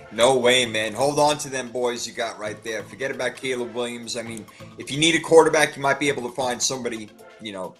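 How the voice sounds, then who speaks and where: A man co-hosting a casual sports podcast, reacting quickly and laughing often as he makes his picks. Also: mid-range voice, a bit bright, soft background music. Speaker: podcast co-host.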